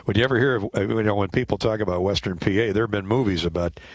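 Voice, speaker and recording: Man, radio host, low voice, dry close studio sound, chatty, halting, lots of fillers. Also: no room sound. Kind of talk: casual radio interview.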